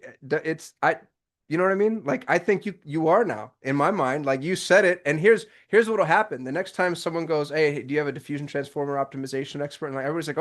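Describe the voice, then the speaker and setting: A man hosting a live call-in business show, talking in an excitable, rambling way with many restarts over a video call. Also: medium pitch. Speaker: host. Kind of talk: casual live show chat.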